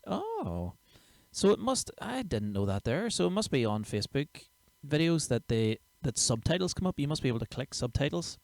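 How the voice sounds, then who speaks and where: A man's voice: a little high, very animated, moderate pace, vocal fry, darkish tone, no echo. A man, a comedian chatting casually and sweary on his own livestream show. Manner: chatty, sweary, self-mocking. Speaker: comedian and podcast host.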